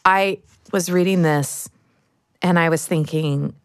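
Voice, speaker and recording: A woman's voice: on the low side, fairly even intonation, slow pace, smooth, no echo, clean studio sound. A woman co-hosting a casual book club podcast, reflective and earnest, sometimes rattling off lists at speed. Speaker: podcast co-host.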